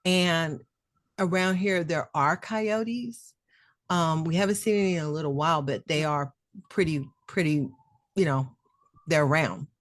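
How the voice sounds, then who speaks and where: A middle-aged woman with a fairly low voice tells a personal story on a podcast. She talks casually and with feeling, and acts out the people she quotes. Her voice sounds close and dry, with no room echo. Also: unhurried. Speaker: podcast co-host.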